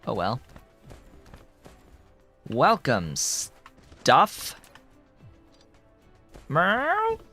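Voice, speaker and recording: A man in casual gameplay commentary, talking slowly and rambling as he works things out. His mid-pitched voice swoops up and down a lot. Soft music plays underneath. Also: animated. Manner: rambling, talks to his cat in a high baby voice. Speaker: gameplay streamer. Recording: faint music behind.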